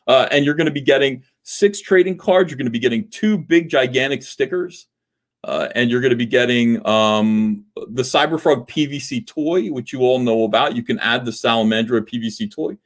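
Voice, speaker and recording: A man's voice: mid-range voice, moderate pace. A man hosting a casual livestream, rambling and joking with lots of fillers. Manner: rambling, jokey, filler-heavy. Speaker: livestream host.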